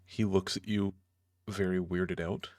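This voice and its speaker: Casting: laid-back male game master, low voice, dry close sound, loose halting narration. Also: level tone, darkish tone, dry recording. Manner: casual, hesitant narration with many fillers.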